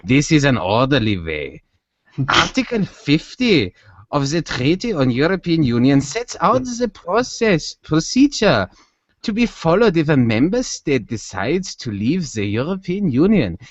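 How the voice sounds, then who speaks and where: A man's voice: a little high, very animated, measured pace, no room sound. A man putting on a German accent to voice a stiff male official reading a formal statement in a mock-solemn way. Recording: dull dry sound.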